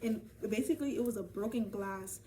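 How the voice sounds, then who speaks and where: A young woman telling a casual storytime vlog, animated and profane, talking straight to her viewers. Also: mid-range voice, brisk, recorded from a distance. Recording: voice from off the mic, faint ambient noise.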